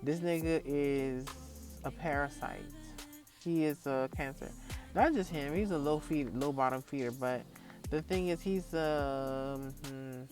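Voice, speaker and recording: A man's voice: a little high, measured pace. A man in his early thirties ranting casually to camera, telling a heated story full of profanity and repetition, with faint music behind him. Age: early 30s. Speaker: vlogger.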